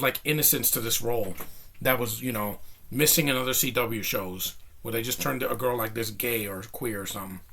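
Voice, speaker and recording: A young man talks through a film review in an excited, rambling way, full of fillers and restarts. He sounds a little out of breath, and his voice is bright and forward. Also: medium pitch, creaky. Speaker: movie reviewer. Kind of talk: casual spoken film review.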